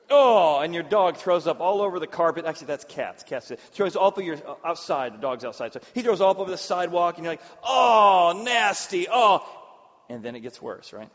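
A man delivers a sermon in a fairly high voice, telling stories with animated energy and slipping into acted voices. The sound is dull and lo-fi, with a long reverb tail from a large hall. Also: fast talker, few pauses. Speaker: pastor. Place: church hall with audience.

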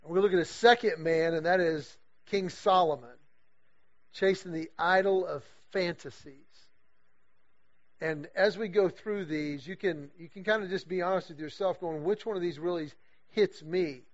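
High-voiced animated male preacher. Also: moderate pace. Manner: animated storyteller, acts out quoted voices. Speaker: guest speaker leading a men's series. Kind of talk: storytelling sermon talk. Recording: dull lo-fi recording.

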